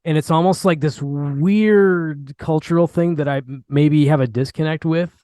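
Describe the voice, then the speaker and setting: A man's voice: fairly high pitch, normal speed, dark tone, smooth, no echo, studio quality. A man hosting a casual interview over a video call, talking in a laid-back, easygoing way. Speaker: host.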